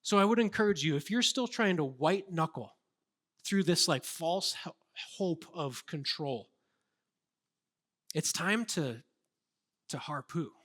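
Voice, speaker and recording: A man's voice: a little high, expressive, takes it slowly, pauses often, a bit bright. A man preaching a sermon as a pastor, earnest and conversational, with casual fillers.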